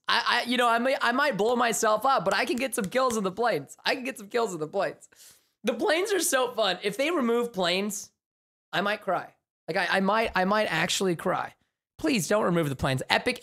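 A young man giving live gameplay commentary as a streamer, excitable and chatty, with bursts of yelling at the game. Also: sits high, gravelly. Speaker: gaming livestreamer.

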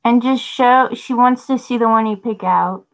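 A woman co-hosting a live sale in a flat, monotone way, passing on viewers' requests. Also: on the high side, moderate pace, rough recording. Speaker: co-host relaying viewer requests. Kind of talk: casual chat.

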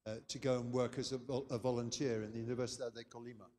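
A man's voice: mid-range voice, level tone, quick pace, dark tone, long reverb tail, slight background noise. An older man from England, giving a chatty, anecdotal conference lecture. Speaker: keynote speaker.

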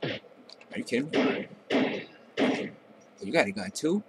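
A man's voice: medium pitch, animated, slow, a little hiss or hum, rough recording. A young man giving casual, profane trash-talking commentary while playing a video game. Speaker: gameplay commentator.

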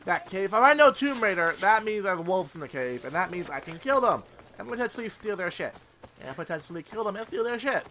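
A young man giving excitable, casual let's-play commentary, with loud outbursts and constant swearing. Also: high voice, a little fast, a little hiss or hum. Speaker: gameplay streamer.

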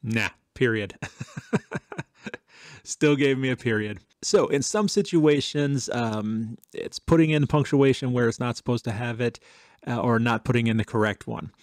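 A man hosting a tech channel, chatting casually through a software demo with some fillers and dictated test sentences. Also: medium pitch, expressive, unhurried, dry recording, clean studio sound.

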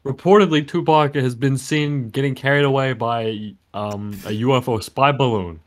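A man's voice: medium pitch, steady tone, normal speed. A young man co-hosting a casual late-night podcast over a voice call, joking around, laughing often and swearing casually. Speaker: podcast co-host.

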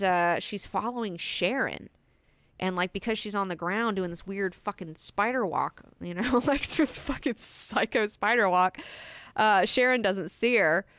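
Woman host, young adult, casual book-club recap, swears freely, smooth voice, dry close sound. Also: medium pitch, no echo. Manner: profane, animated retelling with fillers. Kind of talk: casual book discussion lesson.

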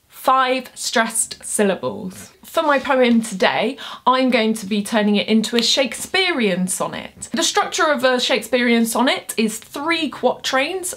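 Young woman, poet explaining poetry, chatty, nerdy, self-deprecating. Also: fairly high pitch. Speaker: poet and booktuber. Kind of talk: casual explainer video.

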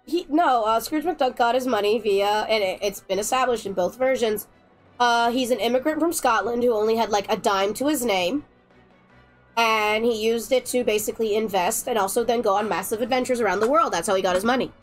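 A woman's voice: fairly high pitch, fairly quick, faint music behind. A woman chatting casually while livestreaming a game, playful, teasing and sarcastic. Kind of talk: casual game-stream chat.

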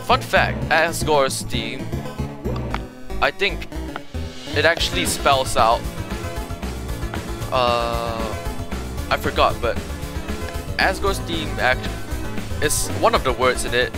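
A young man with an expressive, medium-pitched voice streams a frustrating game, talking slowly with long pauses. He chats casually to viewers, rambling and groaning over the game music playing behind him.

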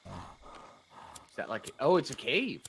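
A man hosting a casual co-op game session, reacting excitedly and calling his friend "dude" and "man". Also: medium pitch, slow, vocal fry, slight background noise. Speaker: gaming channel host. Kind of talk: casual co-op gameplay chat.

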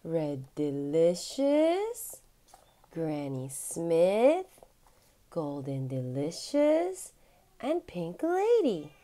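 Mom reading a kids storybook, sing-song, really lively ups and downs. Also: female voice, on the low side. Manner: animated, sing-song, drawn-out words. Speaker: mother reading to her son. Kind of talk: children's storybook read-aloud.

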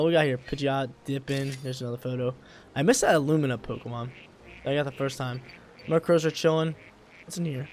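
A young man casually commenting while he plays a video game, laid-back and slangy, with sudden loud bursts of excitement. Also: medium pitch. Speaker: gameplay streamer.

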